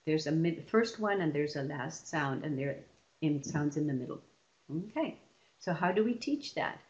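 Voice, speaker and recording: Low-voiced woman teaching reading methods. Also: expressive, moderate pace, darkish tone, highs cut off. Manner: explains step by step, often restarting phrases. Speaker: teacher trainer presenting a webinar. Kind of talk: online teaching session.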